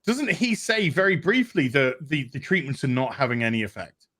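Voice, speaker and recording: A man co-hosting a casual film discussion, animated and jokey, swearing freely. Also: mid-range voice, brisk. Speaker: podcast co-host.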